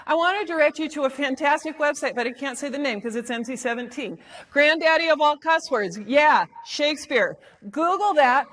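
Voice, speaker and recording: A high-voiced woman speaks on stage to a live audience. She is playful and theatrical, tapping out rhythms and acting out lines as she goes. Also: a bit bright. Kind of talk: lively stage talk to an audience.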